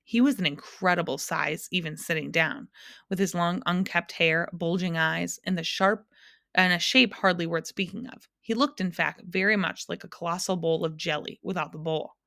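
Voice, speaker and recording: Woman reading a story aloud, low and dry. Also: normal speed, gravelly, dry recording. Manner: expressive storytelling. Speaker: teacher.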